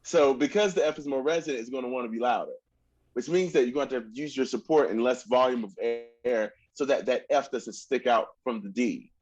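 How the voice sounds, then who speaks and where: A man's voice: medium pitch, fairly quick, a little mellow, muffled recording. A man coaching a student in a masterclass, singing phrases to demonstrate, exacting and encouraging. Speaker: oboe teacher.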